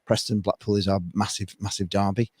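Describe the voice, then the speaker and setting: A man's voice: lowish voice, fairly quick, slightly rough, no room sound. Man, podcast guest, casual football chat, rambling, laughs a lot, dry sound. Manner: rambling, animated, laughs often.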